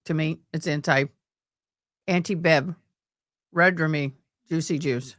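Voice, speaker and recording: A woman with a deep, fairly bright voice speaks in a steady tone at a measured pace, recorded cleanly in a studio with no room sound. She hosts a live stream about a trial, chatting casually with viewers and joking between court proceedings.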